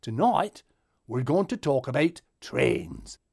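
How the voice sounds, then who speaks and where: A man voicing an older Lancashire man slowly opening a club talk. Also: mid-range voice, wildly swooping pitch, darkish tone, husky, pitched below the performer's own voice, exaggerated voice. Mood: ponderous. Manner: slow, ponderous.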